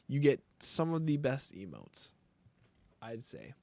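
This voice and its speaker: A man's voice: medium pitch, huge pitch swings, slow pace, vocal fry, darkish tone, no room sound. A young man chatting casually on a live stream while making beats, joking and rambling playfully.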